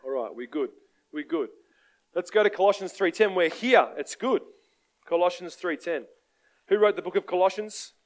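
A man with an Australian accent preaching a sermon, telling stories in a conversational, animated way and asking the congregation for amens. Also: sits high, normal speed. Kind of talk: sermon with storytelling.

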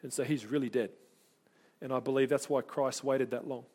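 A man's voice: medium pitch, steady tone, brisk, darkish tone. A man preaching a sermon to his congregation, earnest and conversational, often repeating words as he restarts. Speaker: pastor.

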